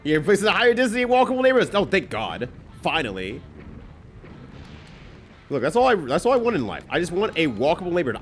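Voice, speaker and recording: A male streamer talks over his gameplay in a loose, joking ramble, cursing casually as he goes. His voice sits a little high for a man and swings widely in pitch. Faint music plays behind him. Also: huge pitch swings, brisk, long pauses. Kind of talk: live gameplay commentary.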